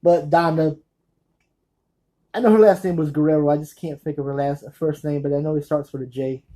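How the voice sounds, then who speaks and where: Brief: man host, mellow tone, rambling chat about his movie collection, keeps losing names and restarting. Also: on the high side, steady tone, brisk, low-quality recording. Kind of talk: casual rambling talk to camera.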